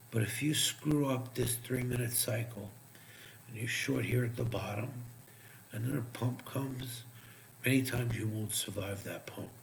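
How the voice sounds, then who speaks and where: A man giving profane, sarcastic live trading commentary, muttering asides as he checks charts, while his voice is going hoarse. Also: mid-range voice, a little hiss or hum. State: losing his voice. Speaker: crypto trading streamer.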